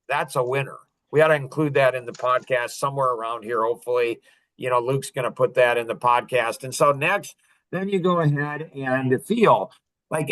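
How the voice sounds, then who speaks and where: A man's voice: on the high side, sharp tone. A middle-aged man hosting a podcast, telling a personal story in an earnest, confessional way with small laughs between phrases. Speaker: podcast host. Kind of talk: casual storytelling talk.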